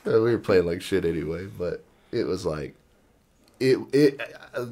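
A man's voice: low voice, lively intonation, measured pace, warm tone, slight background noise. A man co-hosting a podcast, chatting casually and acting out the people in his stories. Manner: rambling storyteller, acts out quotes. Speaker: podcast co-host. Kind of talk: casual chat.

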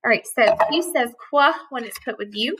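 A woman teacher giving a gentle, patient letter lesson to young children and reading a picture book aloud. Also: a little high, slightly rough, rough recording. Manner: gentle and patient, with slow drawn-out sounds.

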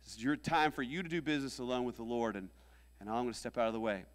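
A man of middle pitch preaches to his congregation in an animated way, building to loud rallying lines and dropping to near-whispered asides. His voice rings out with a long reverb off the hall. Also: quick pace. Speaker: pastor. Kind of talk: sermon. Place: church sanctuary.

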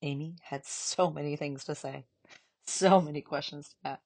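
A woman reading a children's novel aloud in a calm, measured narration. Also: sits low. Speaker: audiobook reader. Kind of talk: storybook narration.

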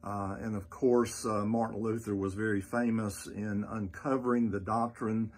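A man teaching as the pastor on a church podcast, measured and earnest, with frequent "uh" fillers. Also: fairly low pitch, steady tone, darkish tone, husky.

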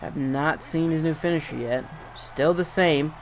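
A young man giving casual play-by-play commentary over a wrestling video game, getting excited and swearing at big moves. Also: on the high side, unhurried, a little hiss or hum. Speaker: gameplay commentator.

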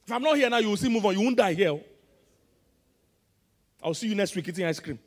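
A man with a Nigerian accent, a pastor preaching a sermon with emphatic call-and-response, swinging between loud and soft. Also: sits high, animated, fast, in a large hall. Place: large church auditorium.

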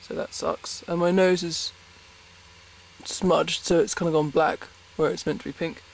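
In bed at night in his bedroom, a man chats casually to camera for a vlog, rambling and self-deprecating and often breaking into giggles. His voice is a little high and creaky, level in tone, and a little slow.

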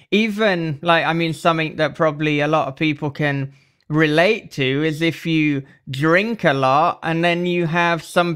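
Slow-talking podcast host man, smooth voice. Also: on the high side, a bit bright. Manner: thoughtful, laughs easily, many fillers. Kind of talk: casual interview chat.

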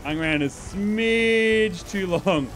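A young man streaming a video game, chatting casually and excitably, swearing and laughing as he plays. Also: high voice, slow, soft background music. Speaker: gaming streamer. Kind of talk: live gameplay commentary.

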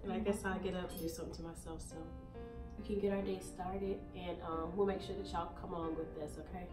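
A young woman with a hoarse, deep morning voice, chatting casually to her viewers in a vlog, recorded on a handheld phone. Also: level tone, fast talker, over music. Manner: chatty, laughing often, addresses viewers as y'all. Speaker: vlogger.

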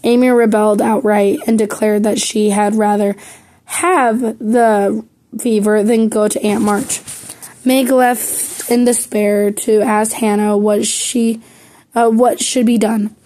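Slow and medium-pitched, with a dark tone and little pitch movement, a woman narrates a classic novel as an amateur audiobook reader. She reads plainly, occasionally slipping and correcting herself along the way.

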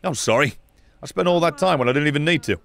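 A young man playing a video game and commenting as he goes, sarcastic and swearing, dropping to mutters and then shouting. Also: a little high, animated, fast talker, gravelly. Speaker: gaming streamer.

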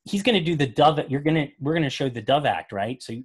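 A man's voice: a little high, lively intonation, fast talker, breathy edge. A man hosting a casual commentary on old magic footage, chatty and jokey, rambling through his points. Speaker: host.

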